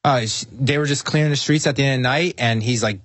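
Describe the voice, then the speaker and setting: A man's voice: medium pitch, quick pace, fairly bright tone, no echo. A man appearing as a guest on a radio show, speaking in an earnest, indignant way. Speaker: guest activist. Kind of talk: talk radio interview.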